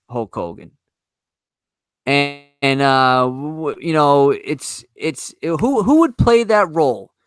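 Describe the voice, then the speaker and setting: A man hosting a casual podcast, swearing often and talking in halting bursts. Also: medium pitch, a bit bright, clean tone, no room sound. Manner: swears a lot, halting with restarts. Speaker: podcast host.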